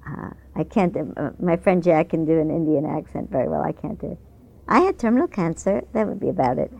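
A woman giving a dharma talk as a meditation teacher, speaking in a conversational, unhurried way while reading a news article aloud. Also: low voice, vocal fry, mellow, slightly rough. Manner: conversational and unhurried, with small restarts.

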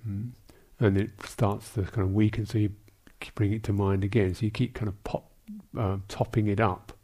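A gravelly, somewhat low man's voice, a Buddhist monk teaching in a dharma talk. He speaks thoughtfully and haltingly, restarting phrases and adding small asides. The tone stays dark and mellow. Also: flat delivery. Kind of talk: dharma talk answering questions.

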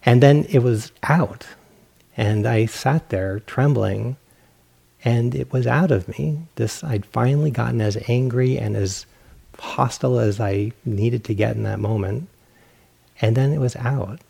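A male meditation teacher tells a story during a dharma talk, poking fun at himself as he acts out his own thoughts. His voice sits at an ordinary pitch, with a gravelly, slightly husky edge. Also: measured pace, dark tone.

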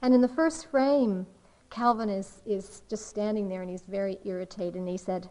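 A woman meditation teacher giving a dharma talk in a slow, reflective way, with soft pauses. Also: mid-range voice, expressive, low-quality recording.

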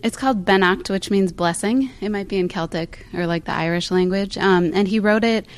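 A woman's voice: mid-range voice, normal speed. A woman in a meditation group, hesitantly sharing with fillers and apologies, speaking into a handheld mic held a little too far away. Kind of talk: casual sharing in a group discussion. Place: meditation center room with group. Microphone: handheld mic held away from her.

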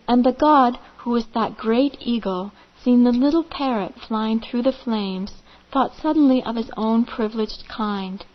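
Woman teacher telling a parable, very slow and gentle, higher voice, dull lo-fi recording. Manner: gentle, measured, vivid pauses. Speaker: meditation teacher.

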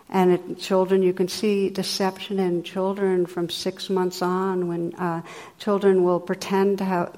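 Low-voiced woman giving a dharma talk. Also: vocal fry, a little mellow. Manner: conversational and reflective, with many fillers. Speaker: meditation teacher. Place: meditation hall. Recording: long hall reverb.

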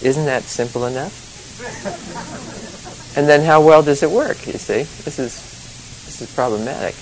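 This male meditation teacher gives a loose, conversational dharma talk in a mid-range voice at a normal pace, his thoughts wandering and restarting. Chatty and rambling, he laughs often and keeps asking "you see?" alongside plenty of "you know" asides. The low-quality recording has a faint hiss beneath it.

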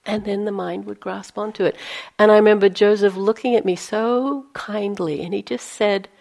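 A woman's voice: medium pitch, fairly even intonation, normal speed, creaky, a little mellow. A woman meditation teacher giving a dharma talk, conversational, with playful self-mocking asides and dips into a near-whisper. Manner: drops to a near-whisper for inner thoughts.

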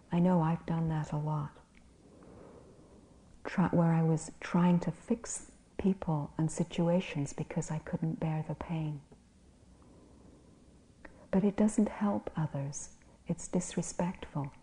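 A woman who is a physician and meditation teacher, giving a gentle dharma talk and often dropping to a near whisper. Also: fairly low pitch.

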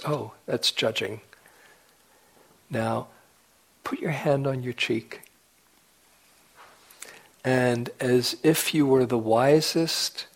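A male meditation teacher giving a talk at a retreat, his voice at an ordinary middle pitch. He speaks very slowly and tenderly, easing into quiet, whispered moments. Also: creaky, husky, poor audio. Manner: gentle, unhurried, with soft whispered asides. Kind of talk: dharma talk.

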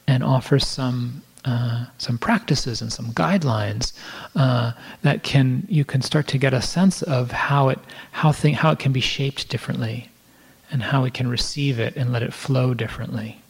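Male meditation teacher, husky and breathy, reflective lecturing tone, talking to a room of listeners. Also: mid-range voice, normal speed. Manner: reflective, with frequent restarts and soft asides. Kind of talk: dharma talk to a live audience. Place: room with a live audience.

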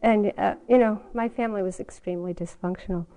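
A woman's voice: medium pitch, fairly even intonation, fast, warm tone, rough recording. An older woman giving a meditation talk at a retreat, telling a personal story in a candid way and laughing often. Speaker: meditation teacher.

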